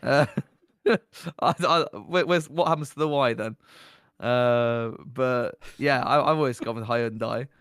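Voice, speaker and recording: A man's voice: mid-range voice, a little slow, a bit bright, smooth, dry recording, studio quality. A man co-hosting a live stream in casual chat, easygoing, wry and giggly. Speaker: stream co-host.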